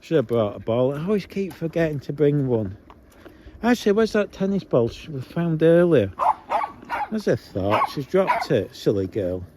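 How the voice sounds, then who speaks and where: A man's voice: a little high, big pitch swings, normal speed. A man chatting casually and coaxing his dogs on an outdoor walk, recorded on a handheld phone. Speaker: vlogger. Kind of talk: casual chat while walking dogs. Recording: outdoor phone audio with background noise.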